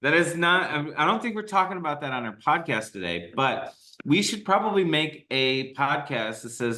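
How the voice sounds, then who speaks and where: A man co-hosting a podcast in casual chat, joking and energetic, rambling from one point to the next. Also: a little high, normal speed, hardly any pauses. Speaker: podcast co-host.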